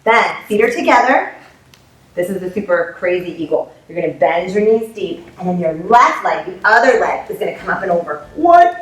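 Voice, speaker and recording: A woman's voice: lowish voice, expressive, a little fast, echoey room. A woman teaching a family yoga class, upbeat and playful, making animal sounds as she guides poses.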